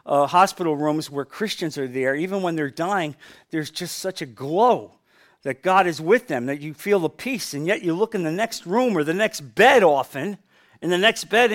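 A middle-aged pastor from New Jersey with a high-pitched voice preaches a sermon, swinging between loud and quiet for emphasis.

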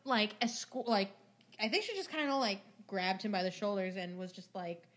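A young woman co-hosting a podcast, telling stories in a casual, animated way, acting out family members and swearing freely. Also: medium pitch, moderate pace. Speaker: podcast co-host. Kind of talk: casual storytelling chat.

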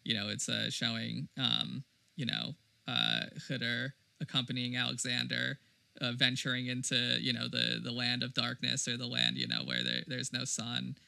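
A man's voice: mid-range voice, animated, moderate pace, creaky, sharp tone, dry recording. A man co-hosting a podcast in casual chat, loose and heavy with "like" and "you know". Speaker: podcast co-host.

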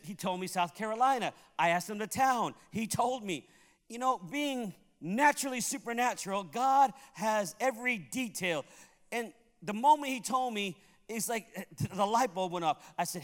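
A high-voiced man from Puerto Rico preaches as a pastor, telling a story with lively delivery and acting out each person in it. The sound carries a long reverb from a large hall. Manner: animated, acts out the people in his story. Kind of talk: sermon storytelling.

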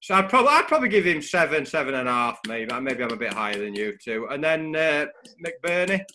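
A man in a casual post-match football chat, talking in quick restarts and handing out player ratings. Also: on the high side, very animated, sharp tone, slight background noise. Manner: chatty, restarts often, gives player ratings. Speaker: football podcast co-host.

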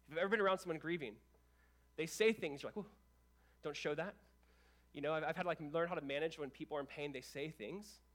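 A young adult man, a pastor, preaches a sermon in a lively, conversational style, tossing quick asides to the congregation. His voice is a little high.

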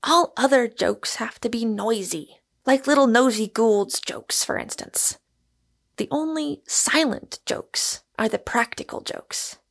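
A woman reading an audiobook, voicing a reflective gentleman who lays out a theory. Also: a little high, lively intonation, takes it slowly, creaky, heavily acted. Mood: musing. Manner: reflective, lecturing. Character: musing, witty gentleman explaining a theory.

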